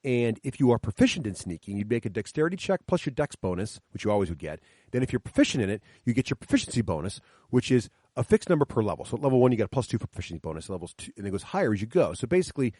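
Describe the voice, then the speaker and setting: Middle-aged guy rattling off his kids' d&d stories, quick and super lively, dry close sound. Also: mid-range voice, no echo. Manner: enthusiastic, explains rules step by step, acts out players' lines. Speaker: podcast guest explaining his tabletop games with kids. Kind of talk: animated storytelling chat. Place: coffee shop, sit-down chat.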